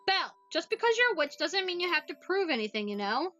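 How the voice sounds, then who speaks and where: A woman's voice: very high-pitched, very animated, fast talker, sharp tone, exaggerated voice. A woman voicing a blunt, impatient young girl who teases her friend in a snappy, sarcastic way in a voiced visual novel. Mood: coaxing.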